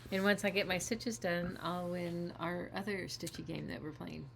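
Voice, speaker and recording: A woman's voice: lowish voice, steady tone, normal speed, gravelly, a bit bright, a little hiss or hum. A woman co-hosting a casual chat about her cross-stitch projects, chatty and laughing often. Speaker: co-host.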